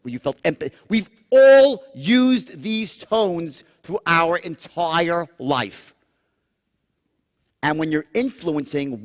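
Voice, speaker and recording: Man, sales seminar speaker, very expressive pitch, acts out tones, long room reverb. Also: a little slow. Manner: animated, profane, acts out tones with sudden whispers. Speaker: sales trainer. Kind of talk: live seminar talk.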